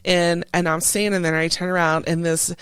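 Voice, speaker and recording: A lively woman guest tells service stories in a casual interview, her voice smooth and clean. She throws herself into quoting other people and lets her voice jump around. The sound is close and dry, with no room in it. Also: lowish voice, brisk, no room sound. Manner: lively, animated storyteller who acts out quoted voices. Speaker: guest, retired Coast Guard chief petty officer.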